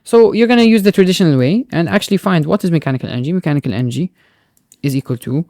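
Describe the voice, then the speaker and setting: A man's voice: a little high, lively intonation, racing, mellow, no room sound, studio quality. A male physics teacher walking through a recorded tutoring lesson step by step, often checking in with "right?" and "okay?" and slipping in Arabic words.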